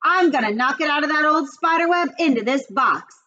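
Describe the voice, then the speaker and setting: A woman voicing a rowdy, boastful young boy who yells a lot. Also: sits high, expressive, brisk, lo-fi sound, voice pushed up. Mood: boisterous. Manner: loud, boastful.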